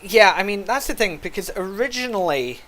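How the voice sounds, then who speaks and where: A man with a Scottish accent chatting casually while streaming an online game, sardonic and quick to grumble about lag. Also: sits high, animated, sharp tone, poor audio. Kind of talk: casual gaming stream chat.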